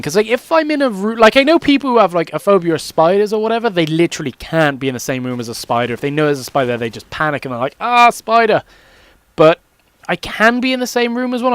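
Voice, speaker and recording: A man's voice: a little high, no room sound. A young man rambling casually and swearing freely as he commentates over his gameplay. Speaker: gaming commentator.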